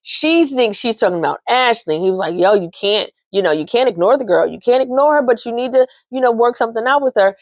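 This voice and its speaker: A woman chats through a soap opera recap with sass and animated asides. Her voice sits a little high and bounces widely in pitch. The sound is close and dry, with no room around it. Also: a little fast, few pauses, no echo. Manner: sassy, animated, chatty. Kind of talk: casual recap chat.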